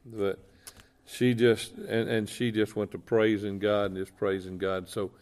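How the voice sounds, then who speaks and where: A man's voice: lowish voice, little pitch movement, unhurried, a little mellow. A middle-aged man, a chaplain telling an earnest, folksy faith story and repeating his points. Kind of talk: testimony storytelling on a talk show.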